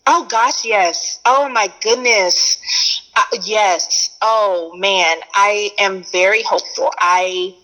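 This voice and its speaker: Woman, Texan accent, earnest and emphatic, mid-pitched, casual conversation. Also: slow pace, sharp tone, low-quality recording. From Texas. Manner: earnest, emphatic, repeats phrases for effect. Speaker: educator, guest.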